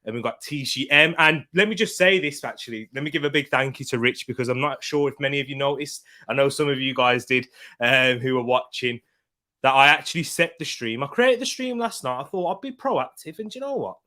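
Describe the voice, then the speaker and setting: A young man hosting a live football watchalong stream from home, tired, chatting casually, giving slangy shout-outs and reading out viewers' comments. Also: medium pitch, expressive, brisk. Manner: chatty, greets viewers and reads out chat comments.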